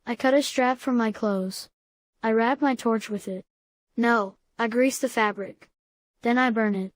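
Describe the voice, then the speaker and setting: A woman's voice: a little high, no room sound, natural voice. A woman reading the part of a frightened boy who stammers as he thinks aloud. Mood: anxious. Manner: halting, stammering. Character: scared, clever boy Simon trapped in tunnels.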